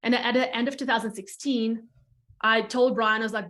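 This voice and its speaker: Woman, 30s, Latvian accent, slightly high voice; candid, talkative guest who repeats herself for emphasis. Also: steady tone, normal speed, fairly bright tone. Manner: frank and chatty, swears casually, repeats phrases for emphasis. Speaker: podcast guest, real estate team leader. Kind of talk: candid storytelling chat.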